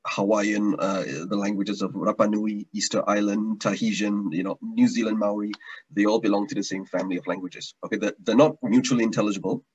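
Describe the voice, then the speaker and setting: A man's voice: fairly low pitch, level tone, fairly quick, darkish tone, husky, lo-fi sound. A man giving an online language lesson, explaining patiently and often repeating or restarting his words. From Malaysia. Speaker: language teacher.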